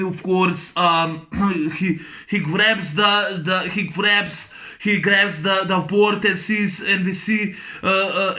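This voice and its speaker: A man recapping an action movie in a casual, excited way, making gunshot sounds with his voice and talking haltingly with many fillers. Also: high-pitched. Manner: halting, full of fillers and restarts. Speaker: movie reviewer.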